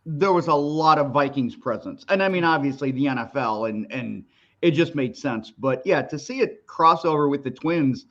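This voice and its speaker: Male podcast guest, slightly higher voice, dull lo-fi audio, hesitant casual delivery. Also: expressive, normal speed, a bit bright. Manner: hesitant, restarts sentences. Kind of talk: casual chat.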